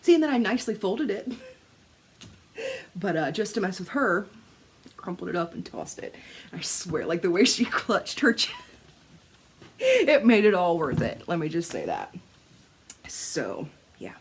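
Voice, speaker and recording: There's slight background noise as a woman with a fairly low, unhurried voice chats to camera about crafting, pausing at length. She's an animated storyteller who laughs, swears and performs the quotes she repeats.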